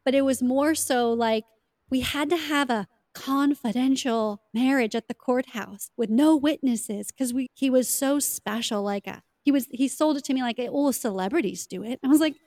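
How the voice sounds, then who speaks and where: A woman's voice: high-pitched, normal speed, a little mellow, no room sound, studio quality. A woman hosting a podcast interview, chatting casually and peppering her speech with "like". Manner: chatty, filler-heavy, often says "like". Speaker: podcast host.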